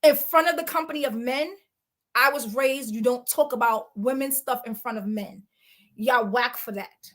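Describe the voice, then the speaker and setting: A woman sits in as an interview guest and tells her story bluntly, full of sass and slang. Her voice sits high and lively. She leans hard on her points and does not soften them. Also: moderate pace. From New York. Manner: blunt, sassy, emphatic retelling with slang. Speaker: reality show cast member, guest.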